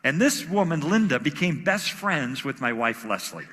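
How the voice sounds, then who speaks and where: A man giving a personal testimony, telling his story in an animated way and acting out the voices in it. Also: fairly high pitch, normal speed. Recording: reverberant hall.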